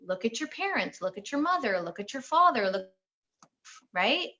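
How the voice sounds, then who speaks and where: A woman with a fairly high voice talks through a conversational interview as a relationship coach. She is animated and slips into playful voices when she quotes people. The sound is a little dull and lo-fi. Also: normal speed.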